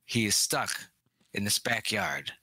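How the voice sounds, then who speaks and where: A man's voice: fairly low pitch, lively intonation, a little slow, sharp tone, no echo. A man co-hosting a casual movie review podcast, animatedly retelling scenes, acting out characters' lines and swearing freely. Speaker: podcast co-host.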